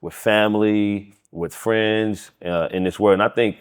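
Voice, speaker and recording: A man's voice: fairly low pitch, steady tone, measured pace, clean tone. A man co-hosting a casual podcast, talking in an earnest, motivational way. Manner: motivational, earnest, backs up others with yeahs. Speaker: podcast co-host, gym trainer.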